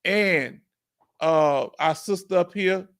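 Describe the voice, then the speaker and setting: High-voiced host working the chat. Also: male voice. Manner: animated, drawn-out emphasis, questions to viewers. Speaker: live stream host. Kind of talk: casual live-stream chat.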